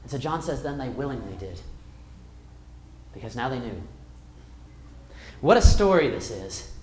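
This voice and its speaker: A man teaching a Bible class, reading verses aloud and retelling the story with wide swings in loudness. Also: mid-range voice, sing-song, unhurried. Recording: echoey room.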